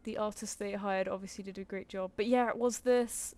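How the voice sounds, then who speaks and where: A woman's voice: medium pitch, steady tone, a little fast, a little mellow. A young woman chatting casually on her drawing stream, laughing often and swearing lightly. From United Kingdom.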